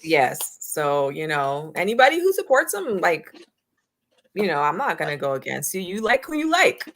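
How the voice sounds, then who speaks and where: A woman with a notably low voice hosts a casual wrestling talk show. She talks bluntly and swears freely, pressing her opinions with energy. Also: animated, a little slow, a bit bright. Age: adult, married. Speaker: podcast host.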